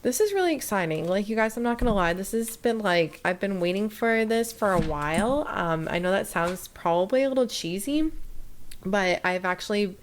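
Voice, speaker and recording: A young woman vlogging as she unboxes and reacts, excited and chatty, with "like" in nearly every phrase. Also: medium pitch, normal speed, slight background noise. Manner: excited, chatty, full of "like" fillers.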